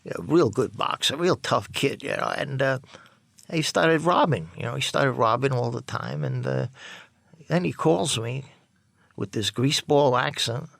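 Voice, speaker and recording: An older man tells his past in a rambling, profane, halting way. His voice is rough and gravelly. He sounds close and dry, with no room at all. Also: medium pitch, lively intonation, a bit bright, no echo. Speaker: interviewee. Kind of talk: personal storytelling.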